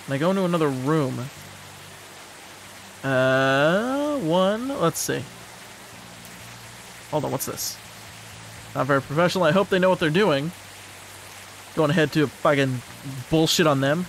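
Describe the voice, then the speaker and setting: A man's voice: fairly high pitch, expressive, measured pace, pauses often, a bit bright, a little hiss or hum. A young man giving casual let's-play commentary in an offhand, muttering way with swearing. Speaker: streamer.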